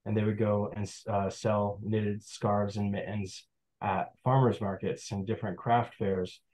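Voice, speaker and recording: A young man from the Adirondacks talks about foraging on a video call, in a rather low voice. He rambles through his stories with plenty of fillers. His tone stays easy and casual throughout. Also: little pitch movement, unhurried, darkish tone, rough recording. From Adirondacks, New York. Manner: chatty, rambling storyteller with fillers. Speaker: guest presenter, forager. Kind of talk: casual online presentation.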